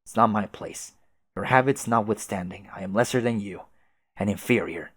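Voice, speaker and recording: A man voicing a haughty, prim young male troll aristocrat who speaks formally and quietly with contempt. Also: fairly low pitch, normal speed, slightly rough, no room sound.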